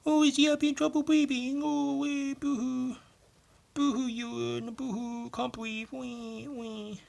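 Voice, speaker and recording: A man putting on a high, whiny, sing-song voice to mock a wheezing weakling. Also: little pitch movement, a little slow, vocal fry, a little mellow, full character voice. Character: shrill taunting man mocking a wheezing weakling.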